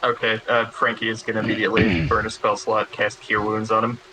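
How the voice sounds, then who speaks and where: A man's voice: fairly low pitch, completely flat delivery, a little fast, noisy background. A man playing a tabletop game, speaking plainly and easily. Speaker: player. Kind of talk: casual tabletop play.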